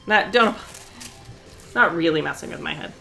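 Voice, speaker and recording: A woman's voice: sits low, animated, normal speed, gravelly, pushed and bright, soft background music. A woman chatting casually on a live stream while she sews, talkative and often breaking into laughter.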